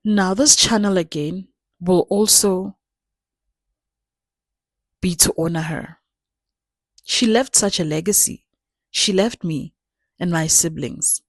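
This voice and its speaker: A woman's voice: lowish voice, takes it slowly, long pauses, dry recording. A young adult woman hosting her channel, speaking in an earnest personal way and repeating words for emphasis. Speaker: channel host. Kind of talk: personal reflective talk.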